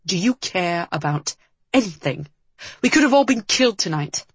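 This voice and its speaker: A woman's voice: lowish voice, expressive, moderate pace, husky, no room sound. A woman voicing a commanding, short-tempered young man who speaks in a strained, accusing way.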